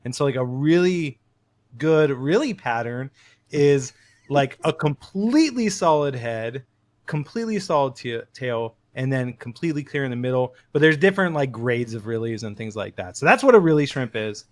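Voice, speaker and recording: A man who is a podcast guest, explaining things in a friendly, casual way with quick asides. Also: medium pitch, expressive. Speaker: podcast guest, shrimp breeder.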